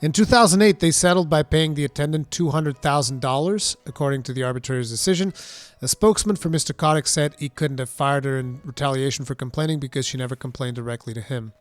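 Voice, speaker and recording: A commentary streamer with a medium-pitched, quick voice and no room sound reads a news article aloud. Between passages he breaks off into sarcastic, exasperated remarks.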